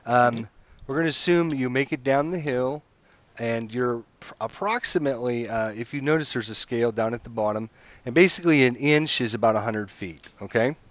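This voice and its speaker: A game master narrates a tabletop session through a computer mic over voice chat, rambling with plenty of fillers and false starts. His voice is mid-range at a moderate pace, and the audio is dry and dull.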